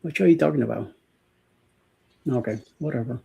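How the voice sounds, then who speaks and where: A man's voice: mid-range voice, fairly quick, vocal fry, dark tone, breathy edge. A man co-hosting a casual morning live show, joking and rambling with lots of fillers and laughter. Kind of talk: casual live-stream chat.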